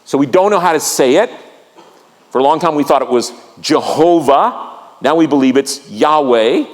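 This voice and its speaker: A man's voice: a little high, expressive, moderate pace. A male pastor preaching a sermon with vivid storytelling, drawing the congregation into the reading. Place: church sanctuary. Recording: long reverb of a church sanctuary.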